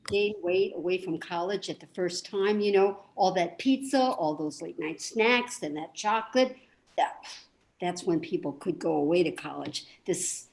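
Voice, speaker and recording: A woman's voice: fairly low pitch, a little mellow. A woman performing a monologue as an anxious, self-deprecating woman who rambles and restarts her sentences, over a video call. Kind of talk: theatrical monologue.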